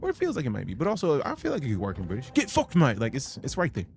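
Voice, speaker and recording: A man's voice: medium pitch, wildly swooping pitch, rapid-fire, creaky, a little hiss or hum. A young adult man streaming a game live, chatting casually, with profane, joking commentary and sudden sing-song bursts. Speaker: gaming streamer.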